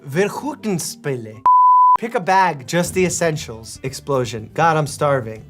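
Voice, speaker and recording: In this casual meme reaction commentary, a doctor in his thirties jokes around, laughs often, and occasionally breaks off to explain some medical facts. He speaks slowly in a fairly high, slightly bright voice that swings widely in pitch. Soft music plays underneath.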